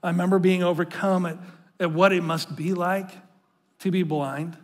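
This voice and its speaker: A male pastor with a notably high voice preaches in an earnest, conversational way, often stumbling and restarting as he goes. He draws the congregation in and calls them to read aloud with him. His words ring out with a long reverb through a large church hall. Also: fairly even intonation, moderate pace. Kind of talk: sermon. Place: church sanctuary.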